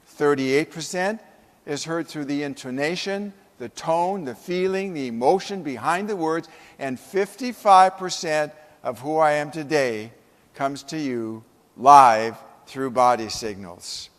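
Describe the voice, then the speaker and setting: In an echoey conference hall, a man with a somewhat high, slightly bright voice gives a motivational keynote at a measured pace. He is humorous and emphatic, packing the talk with stories.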